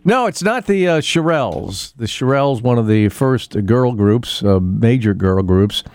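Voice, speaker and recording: A man's voice: medium pitch, lively intonation, a little slow, a little mellow, smooth, no room sound. A man hosting a casual local radio show, chatting in a rambling way with many fillers and restarts. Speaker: radio host. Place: radio studio.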